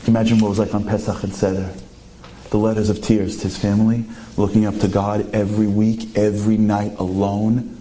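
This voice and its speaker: A man telling an inspirational story in an animated way, his pitch leaping up for emphasis, with many rhetorical questions to the audience. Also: fast, a little hiss or hum. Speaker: inspirational speaker.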